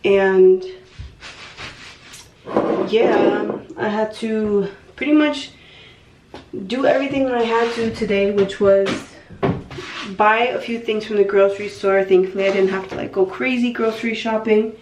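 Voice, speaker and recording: Young woman, casual at-home vlogger talking to her phone, slow and unfiltered with plenty of fillers. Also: medium pitch, background noise. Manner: frank and unfiltered, swears casually; rambling with fillers and self-corrections. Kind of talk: candid personal vlog.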